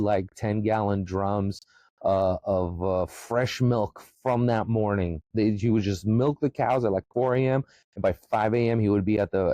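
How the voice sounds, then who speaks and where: A man from the former Soviet Union, hosting a podcast and delivering a profane, emphatic comedic rant that often jumps into a high excited pitch. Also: no room sound, low-quality recording. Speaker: podcast host.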